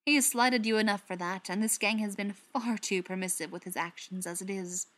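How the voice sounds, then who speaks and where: A woman reading an audiobook, voicing a male gang leader who talks in a sharp, firm, impatient way. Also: medium pitch, fairly even intonation, moderate pace, natural voice.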